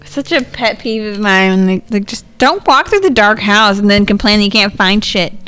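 A woman chatting casually while watching a movie, quick to laugh and complain. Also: medium pitch, fairly bright tone, clear, resonant tone. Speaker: movie reaction co-host. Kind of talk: casual watch-along chat.

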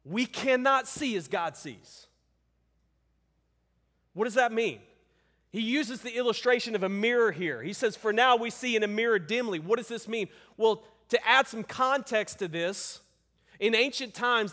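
Male pastor, earnest sermon delivery with emphatic repetition; high voice, long church reverb. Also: normal speed, bright, forceful tone. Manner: earnest, emphatic, repeats words for stress.

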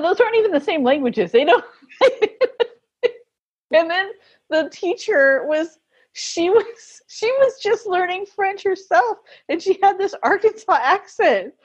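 A woman's voice: high voice, lo-fi sound. A woman telling stories in a casual interview, laughing often as she talks. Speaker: guest.

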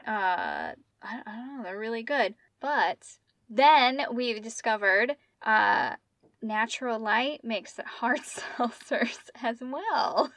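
Casual woman podcast co-host, thirties, higher voice, dry close mic. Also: slow, fairly bright tone, dry recording. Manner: chatty, laughs easily. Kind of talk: casual chat.

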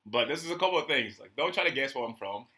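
A man's voice: medium pitch, fast. A young man from Ivory Coast, a podcast guest telling stories in a casual chat and acting out the people he quotes. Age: young adult. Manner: animated storyteller, acts out quoted people. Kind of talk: casual conversation.

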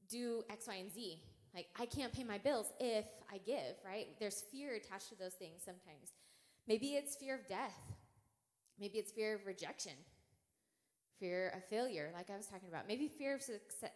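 A woman in her thirties giving a casual, conversational sermon, peppering her talk with "right?" and "like" and telling a playful, exaggerated story. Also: medium pitch. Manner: casual and animated, frequent "right?" and "like". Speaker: church speaker. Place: church sanctuary. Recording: long hall reverb.

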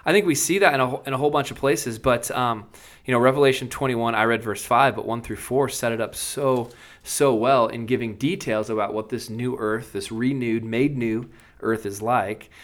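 A man's voice: mid-range voice, steady tone, moderate pace, few pauses. A man, a pastor, discussing his beliefs on a podcast and reading passages aloud in a teacherly way.

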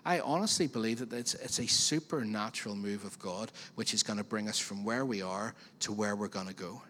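A man preaching a sermon as pastor, in a chatty, animated way with frequent questions to the congregation. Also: lowish voice, fairly quick, a little hiss or hum. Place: church auditorium. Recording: long reverb of a church hall.

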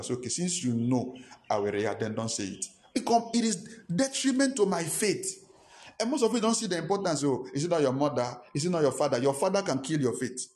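A man's voice: on the high side, a little mellow. A pastor preaching a sermon, emphatic and repetitive, with rhetorical questions to his congregation.

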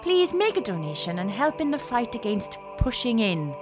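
A high woman playing a mock-serious charity ad announcer, her pitch lively as she makes a solemn appeal. Music plays under this parody ad. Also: normal speed.

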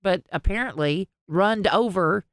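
A woman's voice: mid-range voice, unhurried, clean tone, no echo, clean studio sound. A woman co-hosting a podcast, telling rambling stories, laughing often and swearing freely. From American South. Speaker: podcast co-host. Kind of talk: casual chat.

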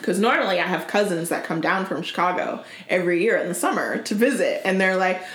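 A woman co-hosting a podcast, telling relaxed stories with dry asides. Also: fairly low pitch, brisk, reverberant. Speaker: podcast co-host. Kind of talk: casual chat.

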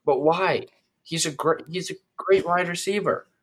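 A man's voice: fairly high pitch, moderate pace. A man co-hosting a casual football preview, loose and easily surprised, laughing often. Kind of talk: casual sports chat.

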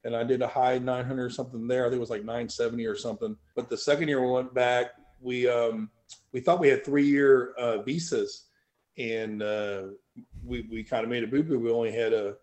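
Animated storytelling man, swearing freely. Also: medium pitch, fairly quick. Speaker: guest powerlifter. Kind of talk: casual storytelling.

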